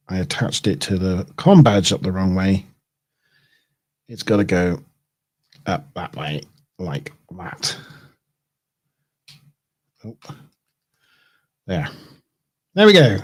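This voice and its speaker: Slow, easygoing man thinking aloud. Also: low-pitched. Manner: thinks aloud, chuckling and self-correcting as he works. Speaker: streamer. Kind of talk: casual livestream chat while building models.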